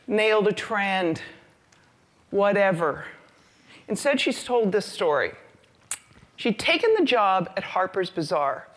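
A woman giving a humorous, storytelling talk to an audience as an invited speaker. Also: mid-range voice. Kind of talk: conference talk.

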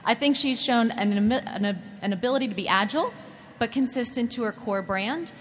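A woman speaking on a panel in a measured, thoughtful way. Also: a little high. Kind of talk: panel discussion. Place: conference hall. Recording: reverberant hall, faint noise.

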